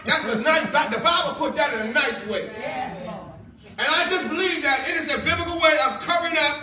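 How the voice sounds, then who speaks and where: Male pastor, sermon, shouting and animated, echoey hall, congregation answering. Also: very high-pitched, a little fast, distant mic, crowd noise. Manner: animated, shouting preacher with call-and-response. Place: church. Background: congregation responding.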